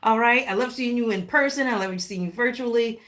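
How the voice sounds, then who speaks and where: A woman hosting a live tarot reading, talking warmly and directly to her viewers with pet names and playful exclamations. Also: a little high, brisk. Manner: affectionate, animated, talks directly to viewers. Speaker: tarot reader.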